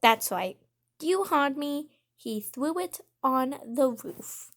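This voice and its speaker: High-voiced woman telling slow storytimes. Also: expressive. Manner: chatty, frames every quote with "I'm just like". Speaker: storytime vlogger. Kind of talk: casual storytime narration over gameplay.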